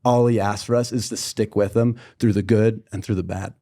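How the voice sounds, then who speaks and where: Young man telling a lively story. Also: on the low side, brisk. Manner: animated storyteller who acts out the people he quotes. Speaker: podcast co-host. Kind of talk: casual podcast chat, personal storytelling.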